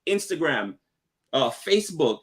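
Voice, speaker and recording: A man's voice: on the high side, big pitch swings, measured pace, a bit bright, breathy edge. A man co-hosting a casual travel live stream, chatting, laughing often and reading out viewer comments. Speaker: travel vlogger co-host.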